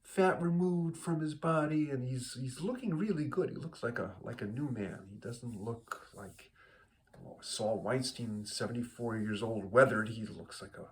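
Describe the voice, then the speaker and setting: A man's voice: medium pitch, moderate pace. A man telling a long joke in an easygoing, rambling way, with fillers and restarts. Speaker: joke teller. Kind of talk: told joke, casual storytelling.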